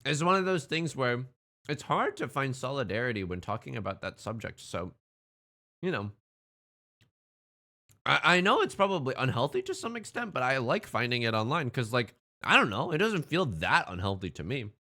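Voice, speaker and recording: A man's voice: medium pitch, big pitch swings, moderate pace, bright, forceful tone. A man chatting casually on a live stream, greeting viewers and talking while he eats. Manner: upbeat, greets chatters, talks while eating.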